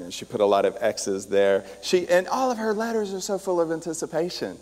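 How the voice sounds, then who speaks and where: A man delivers a sermon in a large church, his voice sitting a bit high for a man. He moves between storytelling and asides to the listeners, and the sound carries a long hall reverb. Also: very animated, a little fast, hardly any pauses. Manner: storytelling, warm asides to the congregation, reads a letter aloud. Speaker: pastor.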